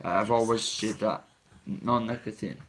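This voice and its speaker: Fast-talking man on a live stream. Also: lowish voice, fairly even intonation, a little hiss or hum. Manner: fast, blunt, swearing, shouting out viewers. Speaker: livestreamer. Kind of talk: casual live-stream chat. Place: a family member's home, indoors.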